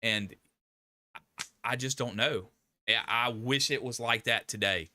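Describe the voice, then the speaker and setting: A man's voice: medium pitch, measured pace, sharp tone, no room sound. An older man, hosting a casual live stream, talking in a rambling, emphatic way with frequent restarts.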